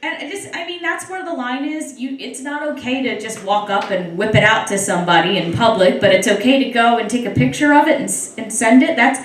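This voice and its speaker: A young comic works the crowd during a stand-up set at a club, wry and conversational with plenty of teasing. She speaks briskly on the high side with hardly any pauses, heard from a far-off mic in an echoey room with slight background noise.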